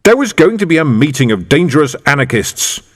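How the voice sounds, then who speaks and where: A man's voice: on the high side, sing-song, brisk, a bit bright, voice pushed up. A man doing a snarling arrogant secret policeman. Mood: furious. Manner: angry, snarling, contemptuous. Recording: reverberant room.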